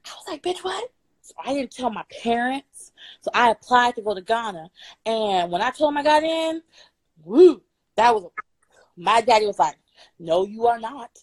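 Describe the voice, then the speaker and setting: A young woman from Florida telling a true story on a live stream, loud, bubbly and playful, swearing freely. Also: a little high, animated, normal speed, no room sound, poor audio. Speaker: guest storyteller.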